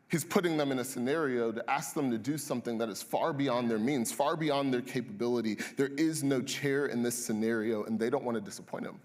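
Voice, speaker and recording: A man preaches in a mid-range voice, talking with the congregation more than at them and pausing for their answers. His words ring out with a long reverb that fills the large church auditorium. The sermon feels conversational and direct. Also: mid-range voice. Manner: conversational, asks the congregation questions and waits for replies. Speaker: pastor.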